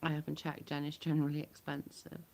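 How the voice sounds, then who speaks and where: Gravelly low woman chatting. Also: monotone, fast talker, a little mellow. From United Kingdom. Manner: chatty, blunt, swears freely. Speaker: livestreamer. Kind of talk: casual chat with viewers.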